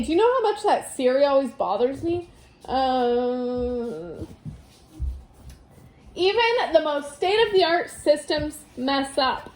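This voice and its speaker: A woman's voice: high-pitched, darkish tone, roomy sound, a little hiss or hum. A woman reading a chapter book aloud at home, casual and chatty between passages. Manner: casual, breaks off to laugh and chat. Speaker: storybook reader. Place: home room.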